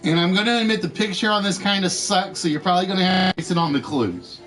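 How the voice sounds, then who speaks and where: A man's voice: high voice, fast, music in the background. A man hosting an online game show, chatting casually with viewers and often correcting himself as he talks. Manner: rambling, self-correcting, talking to chat. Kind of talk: casual live-stream chat.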